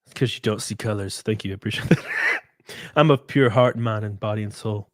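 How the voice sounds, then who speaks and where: A man's voice: on the low side, fairly quick, dry recording. A man with a Southern US accent chatting casually on a live stream, reading chat aloud, swearing freely and laughing often.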